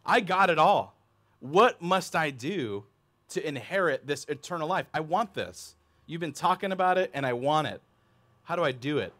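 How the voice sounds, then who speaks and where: A man's voice: on the high side, expressive, normal speed, fairly bright tone. A man preaching a sermon, voicing a proud, self-assured rich young ruler with eager, boastful questions.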